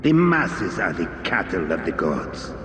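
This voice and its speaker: An actor voicing a contemptuous male cult priest who preaches slowly as a game villain. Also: sits low, sing-song, full character voice. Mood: scornful. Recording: roomy game audio with loud score.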